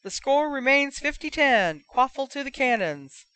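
A woman voicing a lively sports commentator calling the match. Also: high-pitched, unhurried, voice pushed up, full character voice. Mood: announcing. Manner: announcing, enthusiastic.

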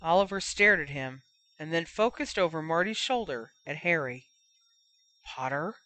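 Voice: medium pitch, expressive, moderate pace, sharp tone, poor audio. A narrator reading a chapter of fan fiction aloud, telling the story steadily and giving each character a voice. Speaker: audiobook narrator.

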